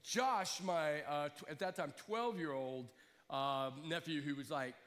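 A man's voice: on the high side, a little slow, a bit bright, big-room sound. A man from Alabama, telling a rambling story in a sermon with many restarts.

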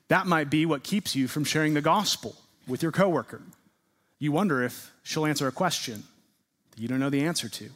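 A middle-aged male pastor preaching a sermon, swinging between loud emphatic peaks and quiet, drawn-out lines. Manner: dramatic swings between booming emphasis and hushed delivery; drawn-out, deliberate phrasing on key words.

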